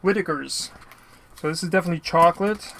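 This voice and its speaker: Fast and fairly high-pitched, with vocal fry and a slightly bright edge, this Canadian man rambles through an unboxing of his mail on YouTube. He fills it with filler words and keeps apologizing, over slight background noise.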